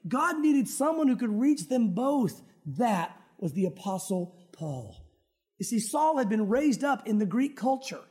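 A man's voice: very high voice, very animated, measured pace, a little mellow. A male pastor preaching a sermon in church, conversational, with joking asides to the congregation. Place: church sanctuary.

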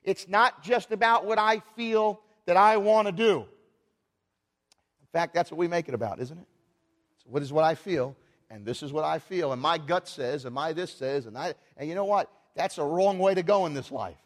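A man preaching a sermon in church, animated and asking the congregation rhetorical questions. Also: on the high side, normal speed, in a large hall. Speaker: pastor.

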